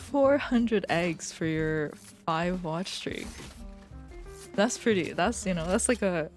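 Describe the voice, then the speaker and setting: Low-voiced young woman rambling casually. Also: lively intonation, a little slow, faint music behind. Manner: rambling, profane and joking. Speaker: streamer. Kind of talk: casual live-stream chat.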